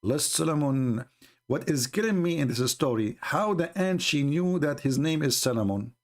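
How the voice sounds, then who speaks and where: Sarcastic man with non-native English. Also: normal speed. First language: not English. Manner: sarcastic, mocking, animated retelling with bursts of laughter; pitch jumps high for mocking quotes. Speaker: religious commentator. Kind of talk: mocking monologue.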